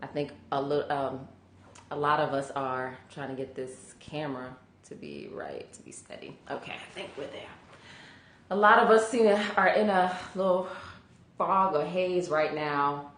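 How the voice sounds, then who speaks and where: A woman's voice: low-pitched, lively intonation, unhurried, a bit bright, roomy sound, a little hiss or hum. A woman career coach hosting a casual live stream, chatty and greeting viewers by name, sleepy from allergies.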